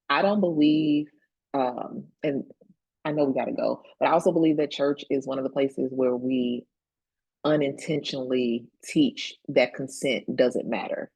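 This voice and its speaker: A woman with a notably low voice speaks plainly as a panelist on a video call. Her manner is direct and reflective. The recording is dry and close. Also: steady tone, measured pace, creaky, darkish tone, husky, no echo, rough recording. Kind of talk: casual panel conversation.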